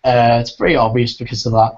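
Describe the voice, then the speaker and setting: A man's voice: mid-range voice, flat delivery, quick pace. A man hosting a casual podcast review, talking with keen enthusiasm and rambling through frequent restarts. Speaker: podcast host reviewing audio dramas. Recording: dull lo-fi recording.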